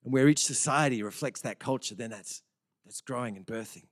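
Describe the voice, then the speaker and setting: A man's voice: mid-range voice, a little fast, dry recording. Brief: middle-aged male pastor, chatty sermon delivery, dry close sound. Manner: conversational preaching with frequent restarts and rhetorical questions.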